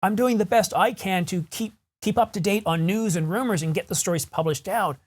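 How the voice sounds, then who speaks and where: A man's voice: high-pitched, a little fast. A man hosting a camera news channel, ranting in a frustrated, rambling way and correcting himself as he talks. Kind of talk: solo vlog rant.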